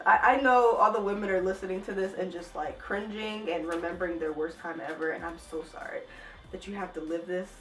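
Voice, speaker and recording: A young woman reacts to what she reads in a vlog, exasperated and incredulous. Her pitch swings widely as she talks. She sits a little back from the mic in an echoey room. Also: recorded from a distance. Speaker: book vlogger.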